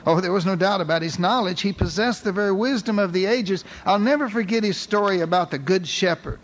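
A man voicing an eager, curious male newspaper reporter who talks in a folksy, excited way, wondering aloud. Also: high voice, brisk.

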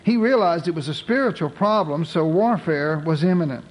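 High-voiced male preacher, joking storyteller. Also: lively intonation, normal speed, poor audio. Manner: storytelling with humorous modern asides. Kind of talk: sermon.

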